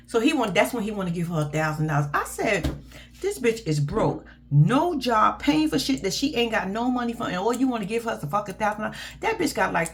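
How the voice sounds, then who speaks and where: Lively, profane woman ranting. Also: mid-range voice, slight background noise. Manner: blunt, profane, animated ranting. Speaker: reality TV recap host. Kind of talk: casual reaction commentary.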